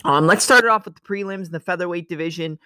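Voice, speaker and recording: A man's voice: high-pitched, quick pace, pushed and bright, smooth, no room sound, studio quality. Chatty man breaking down fights. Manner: analytical, loose and chatty, vocalizes strikes with sound effects. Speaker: MMA analysis host. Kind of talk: casual fight breakdown monologue.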